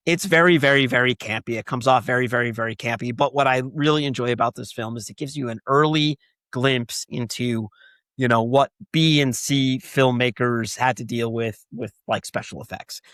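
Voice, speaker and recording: A man co-hosting a casual movie podcast. He talks haltingly, with many fillers and restarts, and acts out quoted lines in put-on voices. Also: medium pitch, fairly bright tone, no echo. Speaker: podcast co-host.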